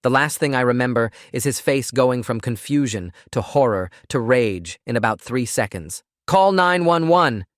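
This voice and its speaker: A man narrating a first-person story in a steady, even reading voice. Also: medium pitch, moderate pace, hardly any pauses, no room sound, clean studio sound. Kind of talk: scripted narration.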